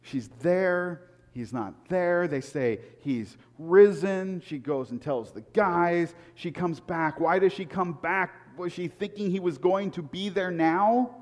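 A man preaching a sermon in a lively, conversational way. He swings between loud, emphatic peaks and hushed, low asides, and often repeats words. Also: slow, few pauses. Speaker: pastor. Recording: long hall reverb.

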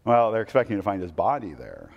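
Man, pastor, sermon, animated storytelling, acts out voices, long hall reverb. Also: fairly low pitch, fast talker, vocal fry, highs cut off.

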